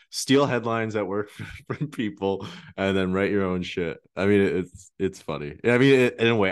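Deep-voiced male guest from Canada, easygoing and halting, casual profanity. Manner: casual, hesitant with "um" and restarts, swears. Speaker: podcast guest. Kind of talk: casual podcast chat.

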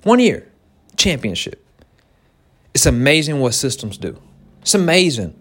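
A man, a small business owner, giving a motivational talk to entrepreneurs in an animated way, repeating key phrases and laughing often. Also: medium pitch, moderate pace, breathy edge.

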